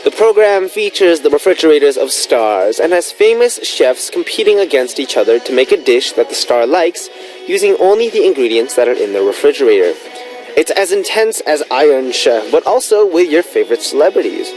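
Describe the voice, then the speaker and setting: A man's voice: sing-song, moderate pace, a little mellow, rough recording. A man in his twenties hosting a radio music show, upbeat and enthusiastic in a studio. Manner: bouncy, enthusiastic, big pitch swings. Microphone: studio microphone.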